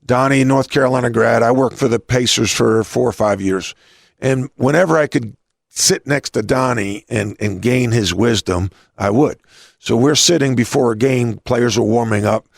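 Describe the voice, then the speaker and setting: A man's voice: medium pitch, moderate pace, vocal fry, no echo, studio quality. A middle-aged man hosting an interview, telling stories with many restarts. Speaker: podcast host and coach. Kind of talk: conversational interview.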